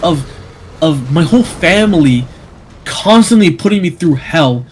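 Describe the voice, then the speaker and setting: A man's voice: fairly high pitch, lively intonation, measured pace, a little hiss or hum. A young man telling an emotional story in casual chat, rambling with many restarts and stammers.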